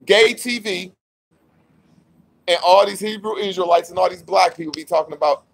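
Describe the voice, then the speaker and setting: A young man ranting at a rival vlogger in a heated, mocking way, repeating his challenge and swinging from loud outbursts to low mutters. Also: normal speed, creaky, long pauses. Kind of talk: confrontational rant to camera.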